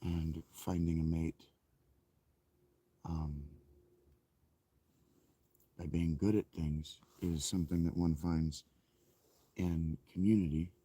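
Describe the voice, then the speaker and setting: A man's voice: a bass voice, flat delivery, slow pace, long pauses, warm tone, slightly rough, no room sound. A man in his thirties, an author, chatting in a rambling, reflective way with frequent self-corrections. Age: 30s. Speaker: author reading his own novel. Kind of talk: casual spoken chat.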